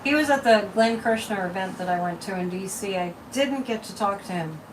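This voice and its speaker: A woman's voice: medium pitch, animated, a little fast, recorded from a distance, background noise. A woman from Massachusetts hosting a casual psychic livestream, chatty and mocking, repeating words and laughing often.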